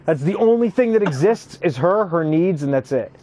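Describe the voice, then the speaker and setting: A young man telling profane work stories in casual chat, acting out quotes in animated bursts. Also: fairly high pitch, moderate pace. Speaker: youth care worker. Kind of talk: casual storytelling while gaming.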